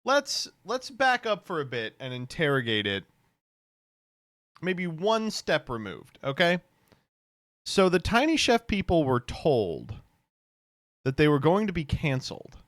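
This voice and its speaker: Incredulous streamer man, very animated pitch. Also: a little slow, long pauses, dry recording, studio quality. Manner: incredulous, sardonic, laughing asides. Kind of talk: reaction commentary.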